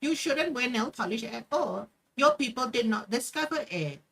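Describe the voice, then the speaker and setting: Woman streamer ranting and swearing at clips, voice swings all over, kinda high. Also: moderate pace, vocal fry. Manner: animated, swears heavily, mocking. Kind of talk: profane reaction rant.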